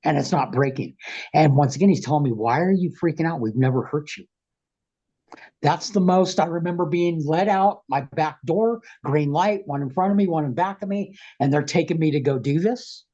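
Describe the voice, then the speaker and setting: A man with a husky, slightly breathy voice talks over a video call, frank and animated, swearing freely as he recounts events. The audio is muffled and lo-fi, like a compressed call. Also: a little high, a little fast. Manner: frank, rambling, profane, animated retelling. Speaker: guest. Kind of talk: casual storytelling interview.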